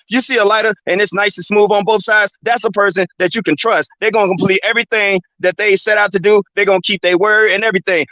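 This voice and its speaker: A high-pitched man, bright and forceful in tone, hosts his channel in a dull, lo-fi, dry recording with no room sound. He rambles and swears through a casual rant, filling it with "man" and "you know what I'm saying."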